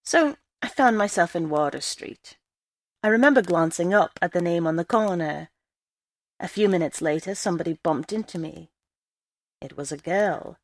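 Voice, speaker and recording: Low-voiced woman reading a story. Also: lively intonation, normal speed. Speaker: story reader. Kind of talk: first-person story narration.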